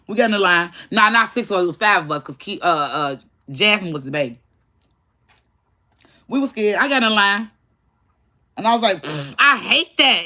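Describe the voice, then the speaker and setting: A woman in her forties telling a family story to viewers in a heated, blunt, casual way, with speech. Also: on the low side. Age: 40s. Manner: animated, heated, blunt with cursing.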